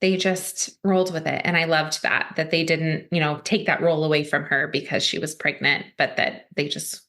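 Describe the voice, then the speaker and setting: A woman's voice: low-pitched, flat delivery, moderate pace, a bit bright. A woman co-hosting a podcast, telling a story in a chatty way with frequent giggles. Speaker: podcast co-host. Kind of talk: casual chat.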